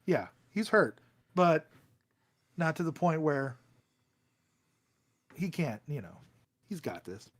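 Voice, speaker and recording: A man running a tabletop game as game master, narrating an action scene in halting bursts with many fillers. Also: on the high side, big pitch swings.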